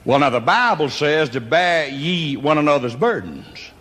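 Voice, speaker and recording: A folksy Mississippi man spins a Southern comedy yarn, his voice leaping up and down in a lively sing-song. He hollers out the odd whoop, and the sound hangs in a long, echoing reverb. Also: on the high side, measured pace. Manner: folksy drawl with whooping exclamations. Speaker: storyteller.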